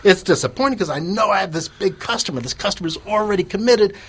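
A man's voice: high voice, animated, fast, fairly bright tone, slightly rough. A man telling an anecdote in an interview, rambling with restarts and fillers and chuckling at himself. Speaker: guest telling his business story.

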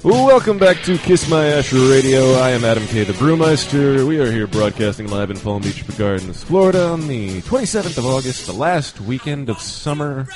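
A man's voice: mid-range voice, sing-song, moderate pace, hardly any pauses, music in the background. A man hosting a live radio show in a studio, introducing his co-hosts in an upbeat announcer way.

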